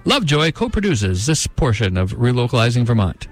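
A man presenting a radio segment in a calm, measured way. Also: medium pitch, over loud music. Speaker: radio host.

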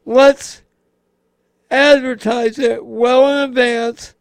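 A man co-hosting a radio show, talking casually in a slow, halting way with many pauses. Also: very high-pitched, flat delivery, creaky, no room sound. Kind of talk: casual on-air chat.

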